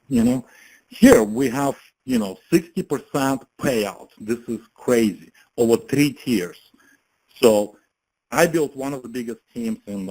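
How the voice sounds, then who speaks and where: A man's voice: mid-range voice, darkish tone, poor audio. A man, telling his story in a casual motivational talk, chatty, laughing often and full of fillers and restarts. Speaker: network marketing speaker.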